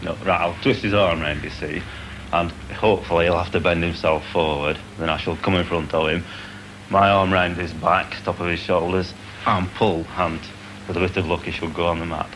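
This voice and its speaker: A man's voice: sits low, fairly even intonation, moderate pace, fairly bright tone. A man, a would-be wrestler answering questions in an earnest, hesitant way. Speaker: novice wrestler. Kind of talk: documentary interview. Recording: noisy archive documentary sound.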